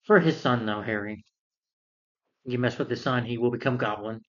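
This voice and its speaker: A man's voice: mid-range voice, fairly even intonation, normal speed, muffled recording. A man giving a rambling, casual recap of a film as a reviewer. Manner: rambling, with fillers.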